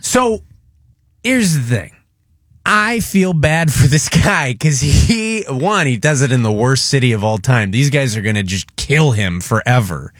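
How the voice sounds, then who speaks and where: Man, radio host, dry studio sound, excitable, joking, rambling. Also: medium pitch, measured pace, no room sound. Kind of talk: casual radio talk.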